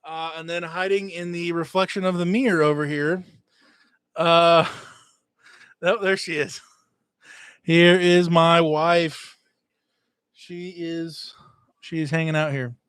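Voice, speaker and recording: A man's voice: a little high, fairly even intonation, slow, long pauses, a bit bright, clear, resonant tone, dry recording, clean studio sound. A middle-aged man hosting a casual live stream from home, greeting chat viewers by name with lots of "uh" fillers. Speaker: livestream host. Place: at home, indoors.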